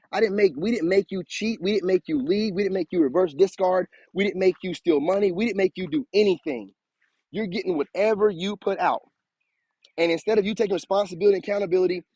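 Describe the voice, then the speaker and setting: Husky high-voiced man preaching self-worth. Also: mellow, no room sound. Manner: preachy, repetitive, emphatic. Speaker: spiritual content creator. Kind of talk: casual motivational monologue.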